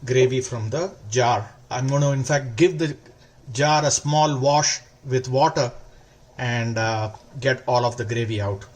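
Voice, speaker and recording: A man hosting a cooking demonstration, explaining each step calmly and stretching words for emphasis. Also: mid-range voice, measured pace. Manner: calm, step-by-step instructional. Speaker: cooking channel host.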